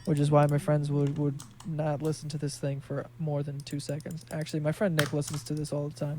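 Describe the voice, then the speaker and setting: Young guy rambling on his podcast, swears a lot, voice sits a bit high, faint keyboard clicks behind. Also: completely flat delivery, fairly quick, few pauses, dark tone, slight background noise. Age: 20s. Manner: rambling, profane, loose and candid. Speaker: podcast host. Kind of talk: casual solo podcast ramble.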